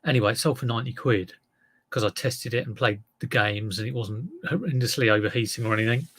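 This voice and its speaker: A chatty man runs a casual selling vlog, drifting from one topic to the next and poking fun at himself. His voice sits at an ordinary pitch with a gravelly, creaky edge. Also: quick pace, a bit bright. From England. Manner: rambling, self-deprecating, wanders off topic. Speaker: online reseller.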